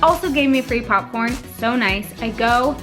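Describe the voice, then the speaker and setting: A woman's voice: on the high side, unhurried, a bit bright, faint music behind. A young adult woman vlogger telling her trip story in a casual voice-over, chatty and full of fillers.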